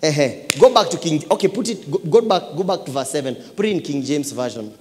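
A man preaching a lively sermon with a fairly high voice. He drops to hushed asides, then rises to loud exclamations, and he repeats phrases for emphasis. His voice rings through a church hall with a long reverb. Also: fast. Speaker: pastor.

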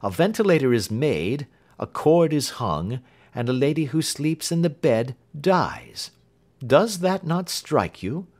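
A man reading an audiobook who voices a keen, confident Victorian male detective, raising his voice and explaining briskly. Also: fairly high pitch, voice pushed up. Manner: brisk, lively, lecturing.

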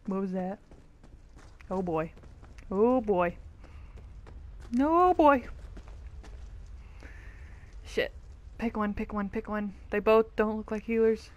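A woman's voice: mid-range voice, takes it slowly, pauses often, highs cut off. A woman giving casual, bubbly and self-mocking commentary while playing an online game. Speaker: gaming youtuber.

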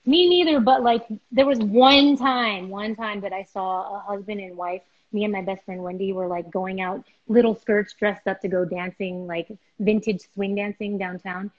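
A woman's voice: mid-range voice, fairly even intonation, normal speed, hardly any pauses. A young woman hosts a casual live chat. She tells her stories animatedly and acts out the voices of the people in them. Her voice sounds somewhat dull and lo-fi over the stream connection. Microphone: video call.

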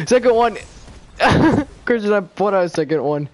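A man's voice: high-pitched, expressive, very slow, long pauses. A man chatting casually while playing a multiplayer game with friends, teasing them and laughing often.

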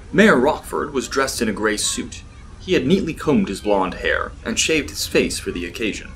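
A man's voice: fairly low pitch, fairly bright tone, slight background noise. A man narrating a scripted audiobook story in a descriptive manner.

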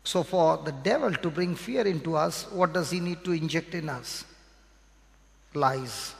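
A man's voice: on the high side, lively intonation, unhurried, creaky. A man with an Indian English accent preaching a sermon, repeating key phrases and quizzing his listeners with questions. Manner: repetitive, emphatic teaching with call-and-response questions. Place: church hall. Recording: reverberant hall.

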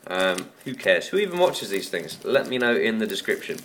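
A man's voice: on the low side, very animated, moderate pace, noisy background. A man talking casually through an unboxing, rambling and joking at his own expense. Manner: rambling, chatty and self-mocking. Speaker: tech YouTuber.

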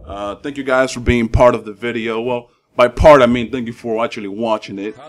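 A man's voice: mid-range voice, fairly quick. Hyped, foul-mouthed man calling gameplay. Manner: excitable, profane trash talk, swings between hype shouts and mutters. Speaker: gaming YouTuber. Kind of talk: live gameplay commentary.

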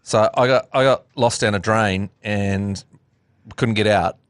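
A man's voice: fairly low pitch, a little slow, clear, resonant tone, no echo, studio quality. A man with a New Zealand accent co-hosting a podcast, chatting with wry, teasing humour. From Dunedin, New Zealand. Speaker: podcast co-host. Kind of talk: casual chat.

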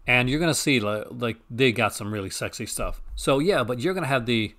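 A man's voice: mid-range voice, expressive, fairly quick, bright, forceful tone. A man hosting a casual home stream, talking in a rambling, enthusiastic way with frequent restarts and self-corrections. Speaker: host. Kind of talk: casual chat.

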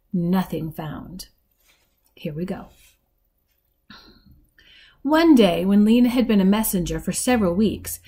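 A woman teacher reading a novel aloud to her students and pausing to explain details. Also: medium pitch, darkish tone. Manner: explanatory, guiding readers through details.

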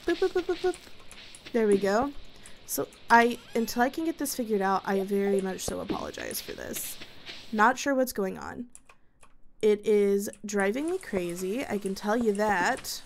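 A young woman casually commentating her gameplay, bubbly and excitable and chatting to her viewers. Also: mid-range voice, measured pace, a little hiss or hum. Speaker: gaming video host.

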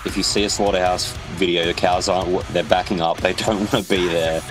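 Deep voiced dude on a podcast, keeps restarting, fired up, music under it. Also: male voice, level tone, rough recording. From Australia. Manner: halting, restarts a lot, swears, impassioned. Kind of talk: casual podcast interview chat.

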